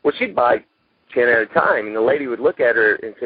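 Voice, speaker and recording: A Texan man with a husky, mid-range voice talks fairly quickly and expressively about his life as an actor, rambling in a folksy way and saying "you know" a lot. It's casual interview talk from a guest, heard over a tinny phone line with no room sound.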